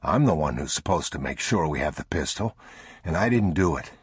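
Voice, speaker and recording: A man voicing a weary, protective father who reassures his son in quiet, terse phrases. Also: rumbling low, animated, fairly quick, husky, dry recording, clean studio sound, full character voice. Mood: reassuring.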